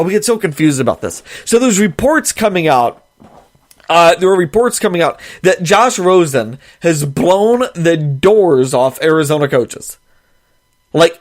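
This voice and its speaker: A man's voice: high-pitched, no echo, clean studio sound. A man hosting a sports podcast, delivering an emphatic, sarcastic opinion monologue. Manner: emphatic, sarcastic, mocks others in quoted voices. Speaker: podcast host.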